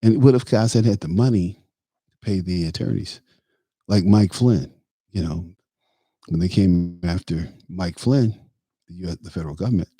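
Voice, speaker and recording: A man's voice: deep voice, darkish tone, breathy edge, no room sound, studio quality. A man hosting a talk show, delivering an emphatic, opinionated political monologue that rambles with fillers. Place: Tampa area.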